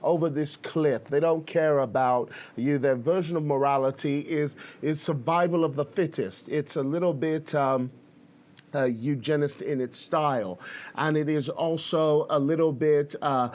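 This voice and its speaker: A man's voice: fairly high pitch, steady tone, measured pace, darkish tone. A man hosting a podcast, talking in a loose, chatty way with many fillers and restarts. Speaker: podcast host. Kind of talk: casual commentary.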